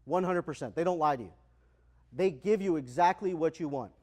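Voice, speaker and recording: Keynote speaker, male, high voice, energetic and engaging with the crowd. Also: fairly quick. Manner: energetic, asks the audience questions, acts out dialogue. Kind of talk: motivational keynote speech. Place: large conference hall.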